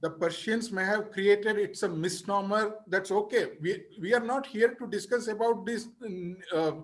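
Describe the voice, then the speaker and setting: A man's voice: high-pitched, moderate pace. A man in an earnest religious discussion on a video call, pleading and apologetic as he interrupts. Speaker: discussion participant.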